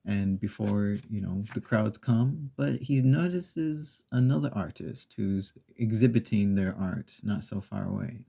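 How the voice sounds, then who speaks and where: A man speaks in a soft, unhurried ASMR style, drifting through a children's story with pauses and little asides. His voice sits low and dark, with plenty of gravelly fry and a breathy, husky grain. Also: expressive. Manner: slow, meandering retelling with pauses and fillers. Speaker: ASMR channel host.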